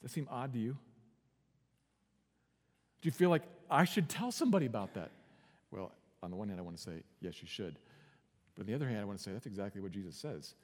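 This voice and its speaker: A man preaching a sermon as pastor, earnest, swinging from quiet and slow to loud and urgent. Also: on the low side, big pitch swings, in a large hall. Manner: earnest preaching with big swings in volume and pace.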